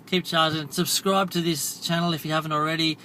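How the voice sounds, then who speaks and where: Talking to camera in a casual vlog, a middle-aged marketing and copywriting vlogger tells a chatty, self-deprecating story packed with fillers and "right?" tags. His voice is fairly high and level, a bit quick and sharp, with a faint hiss or hum underneath.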